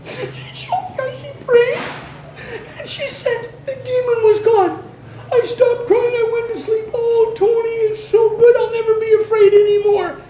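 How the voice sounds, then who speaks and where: A man voicing a frightened seven-year-old girl who speaks high and crying, in an echoey room. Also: steady tone, measured pace, dark tone. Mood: tearful. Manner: high, crying, breathless pleading. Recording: echoey room, faint noise.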